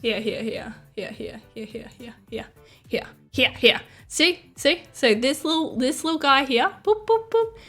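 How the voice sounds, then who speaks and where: Australian woman, streamer, casual chat, bubbly rambling, swears, high-ish voice, soft music behind. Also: unhurried. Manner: rambling, excitable, swears, laughs often.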